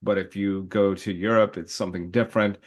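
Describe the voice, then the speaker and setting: A man co-hosting a relaxed discussion, thinking aloud with many restarts and short laughs as he explains his teaching. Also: low-pitched, fairly quick. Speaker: teacher and podcast co-host. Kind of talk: casual panel conversation.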